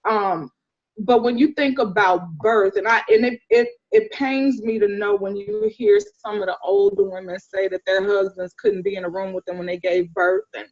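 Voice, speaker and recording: A woman doula telling stories in a casual interview, animated and acting out the people she describes. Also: medium pitch, normal speed. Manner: animated storyteller, acts out voices, laughs often. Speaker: doula, podcast guest. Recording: dull lo-fi sound.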